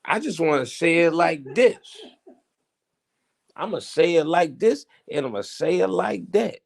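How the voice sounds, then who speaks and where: A man hosting a casual current-events commentary, teasing and theatrical, swinging between loud outbursts and hushed asides. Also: fairly high pitch, expressive, unhurried, vocal fry. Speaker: host.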